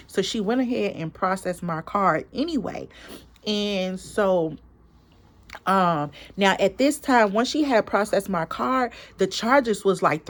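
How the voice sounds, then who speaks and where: A woman vlogger and small business owner, a parent, retelling a story in a casual, emphatic, animated way with quoted dialogue. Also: mid-range voice. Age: adult parent.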